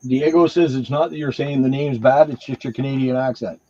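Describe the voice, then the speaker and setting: A man with a husky voice co-hosting a live card break, chatting and relaying viewer comments. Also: medium pitch, fairly even intonation, a little fast, warm tone, muffled recording. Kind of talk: live stream chat.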